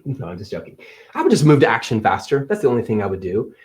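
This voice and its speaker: A man in his thirties hosting a live-stream Q&A from an office, answering chat questions on selling with energetic, playful teasing. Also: medium pitch, quick pace, faint music behind. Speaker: livestream host and Amazon seller coach.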